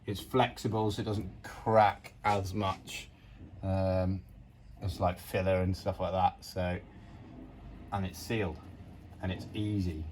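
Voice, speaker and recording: A man's voice: deep voice, little pitch movement, slow pace, long pauses, darkish tone, a little hiss or hum. Rambling guy showing his bus build. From United Kingdom. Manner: rambling, self-deprecating, plain-spoken. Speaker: vlogger converting a bus. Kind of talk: casual narrated build vlog. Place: inside a bus being converted.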